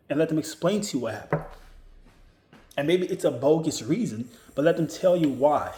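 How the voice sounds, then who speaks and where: A man's voice: mid-range voice, expressive, normal speed, mellow. Emphatic man in an echoey room. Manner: emphatic, repeats key points, frequent restarts. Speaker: vlogger giving career advice. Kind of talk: casual advice monologue. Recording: roomy echo.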